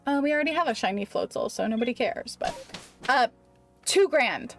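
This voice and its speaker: Young woman game streamer, pitched a touch high, rambling and animated; casual live-stream storyteller. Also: fairly quick, creaky, soft background music. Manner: animated, rambling, heavy use of "like".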